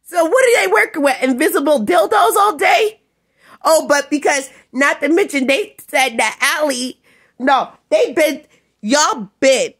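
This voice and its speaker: High-pitched woman in a profane rant. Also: lively intonation, a little slow. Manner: profane, angry and rambling, often shouting. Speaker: vlogger. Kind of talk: ranting vlog monologue.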